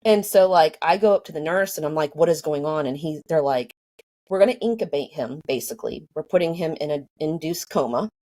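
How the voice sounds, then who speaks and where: A woman's voice: sits low, a little fast, mellow. A woman telling her own story casually, rambling with many fillers and acting out what people said. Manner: rambling, lots of fillers, acts out quoted dialogue.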